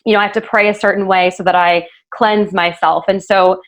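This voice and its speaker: A woman's voice: mid-range voice, steady tone, brisk. A woman hosting a podcast interview, talking in an earnest, casual way with many fillers and self-corrections. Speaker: podcast host interviewing a guest.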